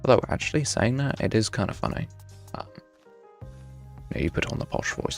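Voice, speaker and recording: A man's voice: fairly low pitch, animated, fairly quick, vocal fry, faint music behind. A young man from the UK, chatting casually and self-mockingly while streaming a game and answering chat. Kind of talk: live gameplay chat.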